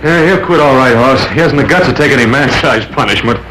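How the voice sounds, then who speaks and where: A man's voice: medium pitch, brisk, very noisy, close to an everyday voice. A man playing a stern eldest ranch son.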